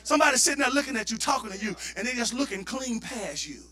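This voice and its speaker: Southern man, pastor, sermon, high pitched, bright sharp voice, shouting fervor. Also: big pitch swings, fast. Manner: shouting, preaching with rising fervor.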